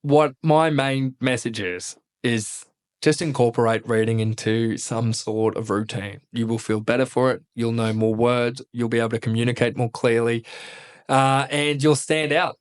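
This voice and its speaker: An Australian man, a former army officer, telling stories as a podcast guest in a blunt, casual way and swearing freely. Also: mid-range voice. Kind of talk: casual conversational storytelling.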